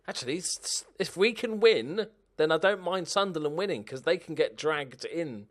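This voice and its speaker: A man giving casual, excitable commentary over a game, talking to himself and swearing. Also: a little high, moderate pace.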